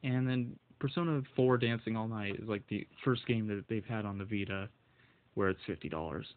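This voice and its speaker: A man's voice: fairly low pitch, normal speed, phone-quality sound. A man ranting angrily about video game prices, swearing constantly and stumbling over his words, his voice shaking with anger. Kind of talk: angry solo rant.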